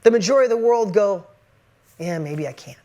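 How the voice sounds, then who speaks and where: A man's voice: high voice, expressive, a little fast, warm tone. A man giving an earnest, conversational motivational talk straight to camera, pressing his points with emphasis. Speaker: motivational speaker.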